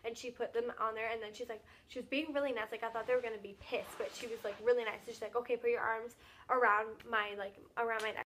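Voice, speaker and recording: Young girl vlogging a storytime, bright kinda high voice, says like a ton. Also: fairly even intonation, slight background noise. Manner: rapid, filler-heavy retelling with lots of "like". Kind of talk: casual storytime vlog.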